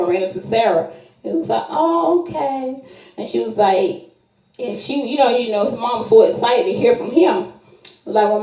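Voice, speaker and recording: A woman's voice: reverberant, poor audio. A woman telling a story in a casual monologue, acting out every quoted voice as she goes. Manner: animated, acts out quoted voices with big pitch jumps.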